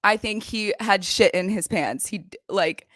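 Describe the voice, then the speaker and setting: A young woman hosting a casual recap show, retelling scenes in a gossipy, animated way. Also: medium pitch, measured pace, no echo, studio quality. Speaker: recap podcast host. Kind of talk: casual chat. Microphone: desk microphone.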